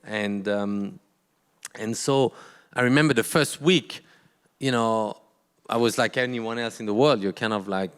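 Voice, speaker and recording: A man, a guest artist telling a story on stage, halting often and acting out quoted dialogue. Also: fairly low pitch, a bit bright, clean tone, long reverb tail. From France. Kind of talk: storytelling in a live talk.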